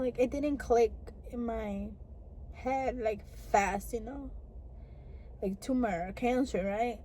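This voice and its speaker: A young woman talks to her camera in a loose, chatty storytime manner. Her voice sits a little high, and she sprinkles "like" and "girl" through her sentences as she goes. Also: darkish tone, a little hiss or hum, poor audio. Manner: chatty, lots of "like" and "girl" fillers. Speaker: vlogger. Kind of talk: casual storytime chat to camera.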